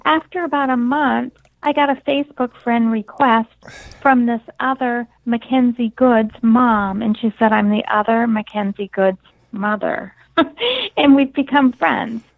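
A woman's voice: fairly high pitch, measured pace, gravelly, dry recording. A woman guest, an author, earnestly telling a personal story and acting out the dialogue as she goes. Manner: earnest, retells dialogue vividly. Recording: phone-line sound.

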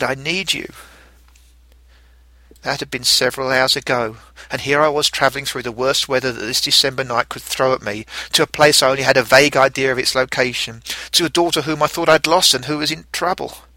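A middle-aged man tells a first-person story in a gentle, reflective way. His voice is very bright and forward. The recording is close and dry, with no room sound. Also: medium pitch, fairly even intonation, fast, hardly any pauses, no room sound. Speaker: narrator. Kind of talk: storytelling narration.

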